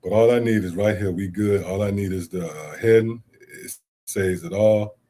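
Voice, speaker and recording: A man's voice: fairly low pitch, moderate pace, warm tone. A middle-aged man teaching scripture, reading verses aloud and then explaining them emphatically with rhetorical questions and casual asides like "see?" and "man.". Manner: casual street-inflected speech with "man" and "see?". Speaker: Bible teacher. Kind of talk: scripture teaching streamed online.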